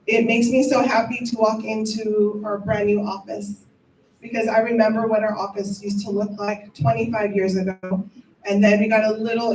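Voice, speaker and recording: A woman's voice: a little high, darkish tone, a little hiss or hum. A middle-aged woman teacher giving a heartfelt, emotional ceremony speech in a school cafeteria. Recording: echoey room from a distant mic.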